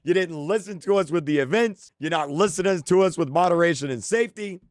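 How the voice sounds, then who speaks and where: A man's voice: sits high, quick pace, no echo, studio quality. A young man who creates content, ranting emotionally and frustrated, stumbling over his words and repeating himself. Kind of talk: emotional on-camera rant.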